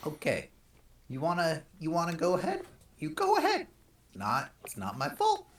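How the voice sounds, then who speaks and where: Low-voiced woman with a swooping delivery. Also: huge pitch swings, normal speed, roomy sound, far from the mic. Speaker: player. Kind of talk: in-character tabletop role-play.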